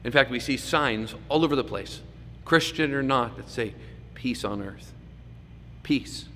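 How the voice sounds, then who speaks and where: A man preaching a sermon, swinging between loud emphasis and hushed asides. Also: medium pitch, a little slow. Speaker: pastor. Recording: echoey hall with faint background noise.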